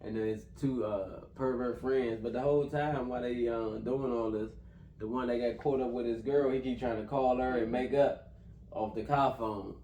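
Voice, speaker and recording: A man's voice: mid-range voice, fairly even intonation, normal speed, dark tone, highs cut off. A man reviewing a film in casual chat, retelling scenes in a loose, profane, run-together way. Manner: loose, profane storytelling, slurring phrases together. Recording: roomy, distant mic with faint background noise.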